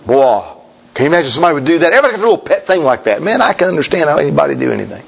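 A man preaching a sermon, folksy and emphatic, with sudden shouts and slow drawn-out lines. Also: on the high side, very animated, gravelly, husky, highs cut off.

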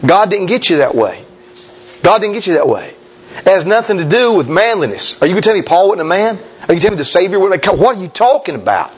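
A man's voice: sing-song, fast, slightly rough, highs cut off. A man preaching a folksy, emphatic sermon as a pastor, talking straight to his congregation. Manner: folksy, emphatic preaching, mimics objectors in a high voice.

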